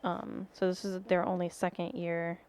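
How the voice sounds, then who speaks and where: A woman's voice: on the low side, flat delivery, moderate pace, darkish tone, smooth. A woman co-hosting a podcast, chatting casually with frequent ums and likes. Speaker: podcast co-host. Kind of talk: casual chat.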